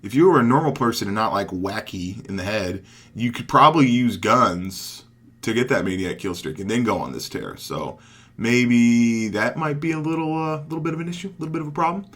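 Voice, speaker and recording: Excitable young man doing game commentary. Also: medium pitch, fairly quick. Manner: excitable, swings from mumbled asides to loud hype outbursts. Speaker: gaming commentator. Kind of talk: casual gameplay commentary.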